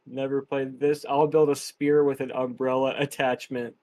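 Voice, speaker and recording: A man's voice: medium pitch, flat delivery, moderate pace, warm tone. A man co-hosting a game stream, chatting casually and joking with his partner and the chat. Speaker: streamer co-host.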